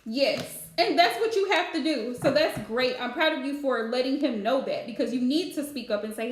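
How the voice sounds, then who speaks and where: A woman's voice: high voice, moderate pace, few pauses, echoey room. A woman giving a live-streamed spiritual reading, chatty and advice-giving with lots of fillers. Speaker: psychic card reader.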